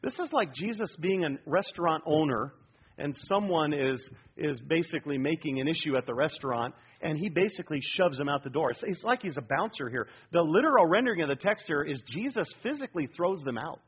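A man preaching a sermon as a pastor, animated and emphatic, prompting his congregation to answer. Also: fairly high pitch, fairly quick, breathy edge, dull audio.

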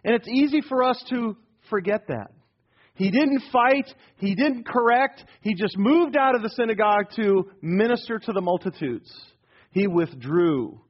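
A high-pitched, slightly husky man preaching a sermon, folksy and emphatic. He keeps firing rhetorical questions and repeating key phrases. The recording is dull and lo-fi. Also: expressive, a little slow. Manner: down-to-earth, calls himself rednecky. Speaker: pastor.

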